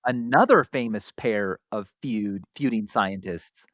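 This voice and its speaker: A man's voice: lowish voice, unhurried, fairly bright tone, dry recording, clean studio sound. A man co-hosting a podcast, chatting casually and reacting with surprised interjections. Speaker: podcast co-host. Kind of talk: casual chat.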